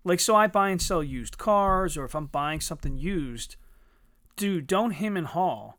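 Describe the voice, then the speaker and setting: A man's voice: a little high, unhurried, dry recording, clean studio sound. A man talking bluntly and with a lot of swearing, telling stories in a casual podcast chat. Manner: blunt, profane, animated storytelling.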